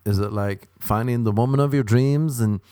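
A man doing a stand-up comedy routine, from Ireland, talking in a deadpan way with dry repetition and mocking acted-out quotes. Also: mid-range voice, normal speed, dry recording.

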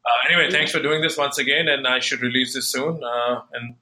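A man's voice: medium pitch, steady tone, a little fast, bright, forceful tone, rough recording. A man hosting a tennis podcast, chatting casually with many fillers and restarts. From United States. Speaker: podcast host.

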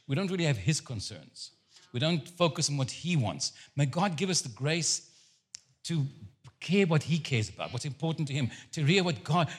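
A man with a husky voice preaches to a congregation. His pitch sits a little high and swings widely as he tells stories and jokes. He speaks as a guest preacher at a service. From Jewish background. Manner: animated, joking storyteller. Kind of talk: sermon.

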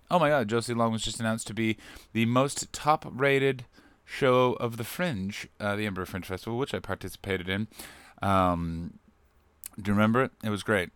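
Brief: male podcast host, rambling comic monologue, smooth voice, close dry mic. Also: on the low side, moderate pace, no room sound. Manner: rambling, jokey, loud bursts of excitement. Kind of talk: solo comedic podcast monologue.

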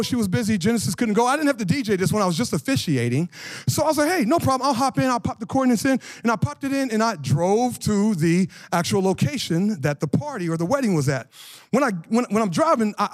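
A man in his forties preaching a lively conversational sermon as pastor, slangy and animated, asking the congregation questions. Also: high voice, quick pace, dry recording.

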